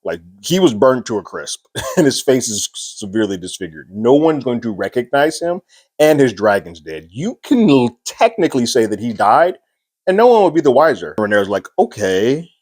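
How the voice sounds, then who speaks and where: A man's voice: mid-range voice, sing-song, moderate pace, darkish tone. A man casually recapping a TV episode, chatty and amused, paraphrasing scenes with frequent fillers. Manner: amused, laughing between points. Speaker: TV show recap host.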